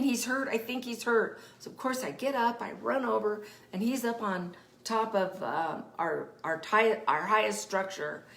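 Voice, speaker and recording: A woman's voice: on the low side, reverberant. A woman parenting specialist and teacher giving casual advice, acting out what children and parents say and dropping to a whisper for emphasis. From Denver area, United States. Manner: animated, acts out quoted children and parents, drops to a whisper for emphasis. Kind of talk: casual explanatory advice talk.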